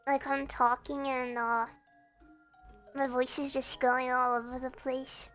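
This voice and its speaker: A woman's voice: high-pitched, bright, forceful tone. A young woman streamer chatting casually while sick and feverish, her voice strained, fretful and rambling with frequent laughs. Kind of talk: casual livestream chat.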